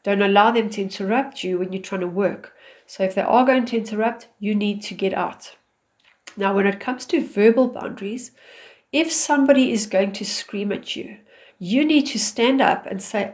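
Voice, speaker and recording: A woman speaks with calm firmness as she gives advice, steady and instructive, her pitch sitting right in the middle of the range. She talks like a mother laying down clear rules. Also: normal speed. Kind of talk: direct advice talk.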